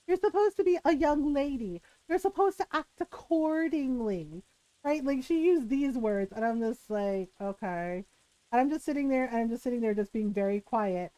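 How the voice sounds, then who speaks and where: A woman streamer with a high voice tells a long story in a casual, lively way. She acts out each person's lines and laughs between them. The sound is dry, with no room echo. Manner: animated, acts out quotes, laughs often.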